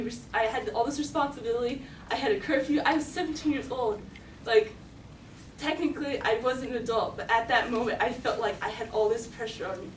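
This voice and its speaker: Giggly high-voiced teen girl telling a story. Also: a little hiss or hum. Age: teens. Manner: giggly, lots of "like". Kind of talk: live storytelling. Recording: roomy, distant mic, faint ambience.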